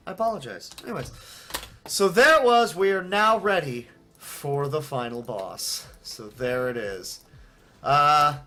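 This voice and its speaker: A man commentating his own speedrun live, excitable and self-deprecating, chatting with viewers as he plays. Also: fairly high pitch.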